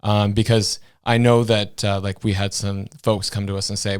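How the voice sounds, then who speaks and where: A male podcast co-host talking politics in a relaxed, loose way. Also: fairly low pitch, moderate pace, hardly any pauses, clear, resonant tone. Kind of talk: casual political chat.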